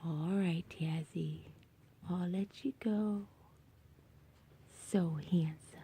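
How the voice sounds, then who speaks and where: A woman's voice: lowish voice, fairly even intonation, extremely slow, pauses often, dark tone, slightly rough. A woman at home by the fire, filming on a handheld camera and cooing to her cat in baby talk, often slipping into a whisper. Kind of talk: casual baby talk to a pet. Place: at home by a fireplace.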